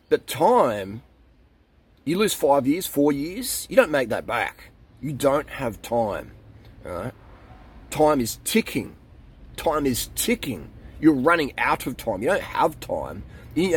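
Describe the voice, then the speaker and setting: A young man delivers a motivational advice monologue in a blunt, emphatic way. He hammers his points home by repeating them. His voice sits at a middle pitch for a man. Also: a little hiss or hum. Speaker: vlogger giving life advice.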